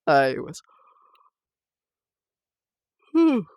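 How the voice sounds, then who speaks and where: A young man talking casually and personally to the camera at home, halting and emotional, with sighs and restarts. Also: fairly high pitch, wildly swooping pitch, clean tone, dry recording, muffled recording. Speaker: vlogger.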